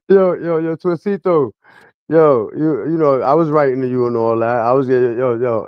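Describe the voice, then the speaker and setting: A man's voice: medium pitch, measured pace, long pauses, smooth, dry recording, lo-fi sound. A man livestreaming a casual rant at his chat in a mocking, slang-heavy way.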